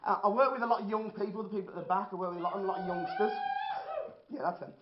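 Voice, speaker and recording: A man's voice: high voice, racing, very noisy. A man, telling a dry, self-deprecating stand-up comedy set in an indoor hall. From Birmingham, England. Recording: roomy, dull lo-fi hall recording.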